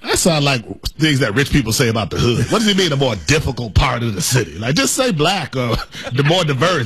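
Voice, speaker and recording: A man's voice: mid-range voice, big pitch swings, a little fast, hardly any pauses, fairly bright tone, husky. A man co-hosting a sports radio show, joking and teasing his partner in casual banter.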